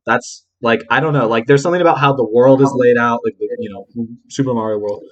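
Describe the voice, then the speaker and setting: A man's voice: medium pitch, fast, lo-fi sound. A young man co-hosting a casual podcast, rambling through his thoughts with lots of filler words. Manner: rambling, heavy use of "like". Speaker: podcast co-host. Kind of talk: casual chat ranking games.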